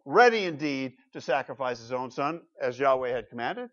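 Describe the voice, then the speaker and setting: Male pastor, slightly high voice, emphatic sermon delivery with quiet asides, muffled low-fidelity church recording. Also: brisk, few pauses. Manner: emphatic preaching with swelling loud peaks and quieter asides.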